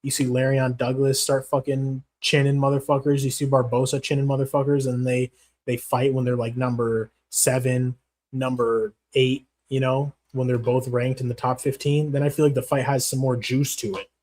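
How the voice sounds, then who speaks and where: A man's voice: medium pitch, level tone, moderate pace, a little mellow. A man hosting a casual livestream, answering chat in a profane, rambling, slangy way. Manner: profane, rambling, slangy, calls viewers bro. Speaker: MMA channel host reading live chat.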